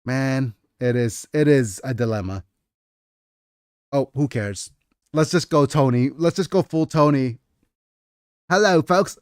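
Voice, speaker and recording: A man's voice: mid-range voice, unhurried, long pauses, a little mellow, clear, resonant tone, no echo, studio quality. Hesitant man chatting on a livestream. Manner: hesitant, full of fillers and restarts. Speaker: livestreamer and writer. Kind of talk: casual livestream chat.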